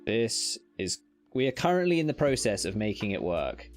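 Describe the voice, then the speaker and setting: A man's voice: on the low side, big pitch swings, normal speed, soft background music. A British man chatting casually with his live-stream audience while gaming, self-mocking and swearing at the game now and then. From United Kingdom.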